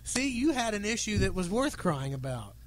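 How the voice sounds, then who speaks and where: A man's voice: high voice, very animated, moderate pace. A man on a podcast recalling what made him cry, earnest and self-mocking. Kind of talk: casual chat.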